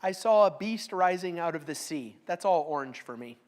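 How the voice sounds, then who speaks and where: A woman's voice: lowish voice, lively intonation, normal speed, a little mellow. A middle-aged woman teaching a Bible study class. She reads verses aloud with strong emphasis, then explains them in a casual, joking way.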